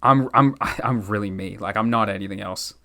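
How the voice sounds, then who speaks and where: A man's voice: lowish voice, moderate pace, vocal fry, bright, forceful tone. Young male rapper, podcast guest, casual slangy rambler. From Natick, Massachusetts, US. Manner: loose, slangy, rambling with many "like"s. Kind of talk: casual chat.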